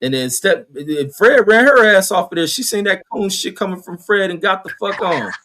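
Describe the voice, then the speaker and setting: A man's voice: high voice, animated, normal speed, pushed and bright, slight background noise. A man hosting a live stream, reading chat comments aloud and telling stories in loose, profane talk. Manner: loose storytelling, heavy swearing, acts out voices.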